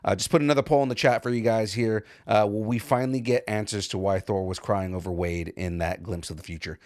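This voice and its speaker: A man co-hosting a geek culture podcast talks in a fairly low, steady, slightly mellow voice at a brisk pace. His casual chat is hesitant and full of restarts.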